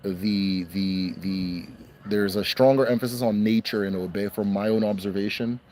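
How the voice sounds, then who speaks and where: A young man hosting a casual question-and-answer stream, talking in a relaxed way and repeating phrases for emphasis. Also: on the low side, moderate pace, a little hiss or hum. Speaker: host answering viewer questions. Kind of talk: casual livestream Q&A.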